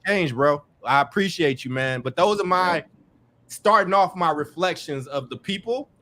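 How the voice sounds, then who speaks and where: A man hosting a podcast in casual chat, warm and effusive, often repeating and stumbling over words. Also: fairly high pitch, animated, normal speed. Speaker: podcast host.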